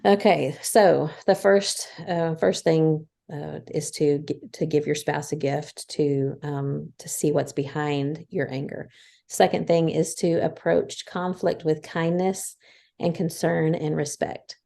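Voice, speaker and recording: A woman's voice: low voice, flat delivery, takes it slowly, gravelly, dark tone. A woman in her fifties co-hosting a casual faith podcast, earnestly explaining her points one by one. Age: 50s. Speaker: podcast co-host.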